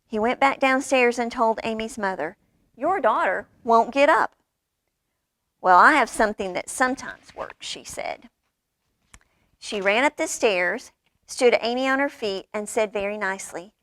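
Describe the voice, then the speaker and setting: Expressive woman reading a storybook. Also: a little high, measured pace, no room sound. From United States. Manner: expressive, animated character voices. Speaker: librarian reading a storybook aloud. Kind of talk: children's storytime read-aloud.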